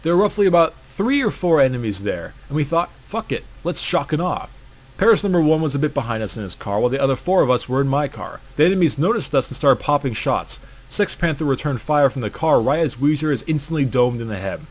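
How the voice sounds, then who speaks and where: A man's voice: mid-range voice, expressive, fast talker, hardly any pauses. Crude sarcastic male storyteller. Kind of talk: comedic story narration about an online game.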